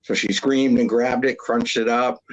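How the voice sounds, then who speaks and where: A man from Massachusetts, a retired police officer, tells a prank story on a podcast. His voice sits at an ordinary middle pitch, and he tells it with animation, acting out the voices of other people in it. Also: level tone, moderate pace, lo-fi sound.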